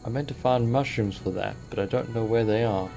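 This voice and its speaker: A man hosting a let's play, commentating with excitable, wide-eyed awe and the odd swear. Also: mid-range voice, a little fast, vocal fry.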